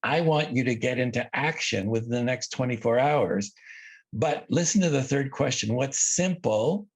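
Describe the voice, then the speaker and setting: A man with a husky, medium-pitched voice speaks at a normal speed as an interview guest, emotional, earnest and reflective, repeating words for emphasis. It's a casual conversation at home beside a lawn near the ocean.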